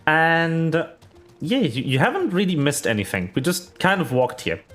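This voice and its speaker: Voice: mid-range voice, big pitch swings, moderate pace, a bit bright, soft background music. A VTuber streamer giving rambling, chatty commentary while playing, full of fillers and small laughs. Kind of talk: casual game stream commentary.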